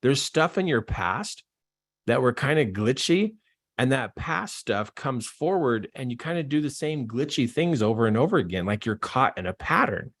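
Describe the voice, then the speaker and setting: Lively, animated male self-help coach. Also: mid-range voice, moderate pace. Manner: animated, acts out his own astonished reactions; casual, says "like" and "man" often. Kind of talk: personal storytelling to camera.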